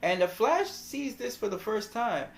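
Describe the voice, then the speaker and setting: Brief: a male movie vlogger, rambling and excitable, whose pitch swings widely, with a faint hum behind him. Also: a little slow, gravelly. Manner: animated, laughs often, rambling. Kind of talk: casual film commentary.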